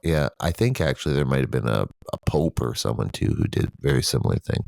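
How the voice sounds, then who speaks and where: Talking a little fast in a very deep, gravelly voice with a darkish tone, this man co-hosts a podcast and is expressive throughout. A father and adult, he rambles casually, swearing frequently and using plenty of fillers. The recording is dry and studio quality.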